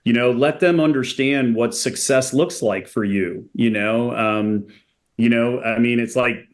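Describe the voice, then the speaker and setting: Male executive guest, conversational, relaxed, filler-heavy, animated storyteller. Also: mid-range voice, a little slow. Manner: relaxed, frequent "you know" and "like" fillers, animated when telling stories. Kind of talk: conversational podcast interview.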